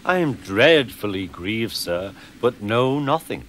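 A man's voice: lowish voice, sing-song, slow pace, fairly bright tone, a little hiss or hum, full character voice. Brief: man as a scheming, smug diesel engine, oily and falsely grieved, storybook. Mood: feigned grief.

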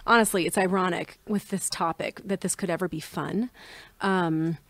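A woman's voice: fairly low pitch, fairly even intonation, moderate pace, a bit bright, dry recording. Woman cohost chatting in a backyard, goofy and laughy, dry close sound. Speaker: podcast co-host. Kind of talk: casual chat. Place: outdoor backyard.

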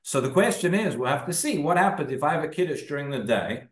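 A man's voice: on the high side, lively intonation, quick pace. A man, a rabbi, giving a conversational class in a synagogue and reading sources aloud, with frequent fillers and restarts. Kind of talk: casual spoken Torah class. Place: synagogue room. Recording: echoey room.

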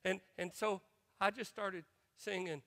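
A man's voice: high voice, fairly even intonation, a little slow, pushed and bright. A middle-aged male pastor preaching a sermon, emphatic and calling on the congregation to answer back. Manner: emphatic, asks the congregation to respond. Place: church sanctuary. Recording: long church reverb.

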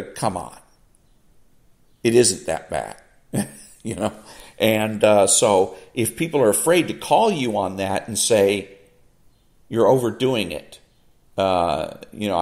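A man with a lowish voice talks through his thoughts in solo commentary, pausing often and restarting his sentences. He reads a passage, then stops to push back on it in a plain, conversational way. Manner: unhurried, halting, many fillers and restarts. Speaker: podcast host. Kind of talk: solo commentary reading and reacting to a quote.

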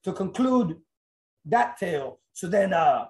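An American man from South Florida, telling stories as an interview guest in a casual, animated way and acting out conversations. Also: high-pitched, slow, roomy sound. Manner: animated, acts out quoted exchanges. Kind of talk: casual storytelling.

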